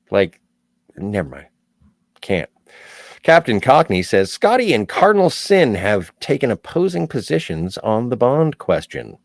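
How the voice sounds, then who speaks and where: A man's voice: fairly low pitch, big pitch swings, measured pace, no echo. A man from Southern Ontario hosting a casual livestream, reading viewer chat aloud with playful jokey asides. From Southern Ontario, Canada.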